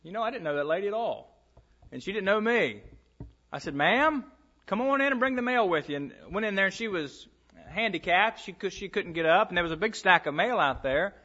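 With a high-pitched, sharp voice and lively intonation, this preacher talks fairly quickly to his congregation. He reads scripture aloud and tells stories from his ministry, all in lo-fi sound.

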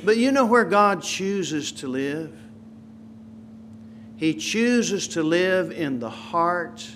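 Bright-voiced, high-pitched preacher. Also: male voice, a little hiss or hum. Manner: emphatic, swings from quiet to loud, slows on key words. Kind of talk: sermon.

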